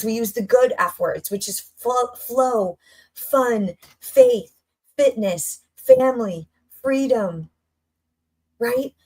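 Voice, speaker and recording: Energetic motivational woman speaker, fairly high voice. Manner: energetic, conversational, rhetorical questions and repetitions. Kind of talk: motivational talk.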